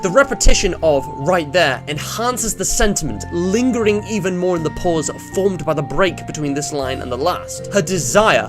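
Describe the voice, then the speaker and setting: Man, fairly high voice, scripted video-essay narration, measured and analytical, faint music behind.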